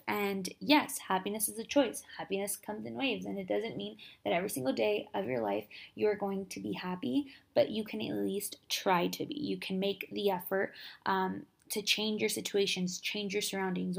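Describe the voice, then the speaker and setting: A young woman talks through a casual motivational podcast episode, chatty and upbeat. Her mid-pitched voice carries a noticeable vocal fry. She keeps it conversational, with quick asides and plenty of filler words. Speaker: podcast host.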